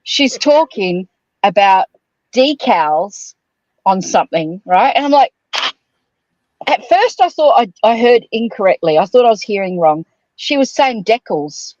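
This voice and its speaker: An Australian woman in her fifties, co-hosting a casual chat and telling rambling, animated stories. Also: medium pitch, a little slow, dry recording, lo-fi sound. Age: 50s. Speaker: podcast co-host.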